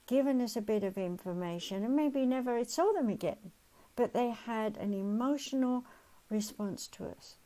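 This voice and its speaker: Older woman host, mellow tone, storyteller who mimics people she quotes. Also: mid-range voice, poor audio. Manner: storytelling, acts out quoted voices. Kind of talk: holistic wellness talk.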